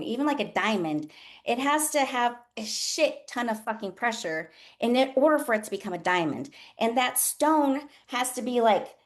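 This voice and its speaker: A woman who works as a nurse coach, hosting a candid motivational talk with a group and swearing freely in an earnest, emotional way. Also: a little high. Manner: talks to listeners as y'all.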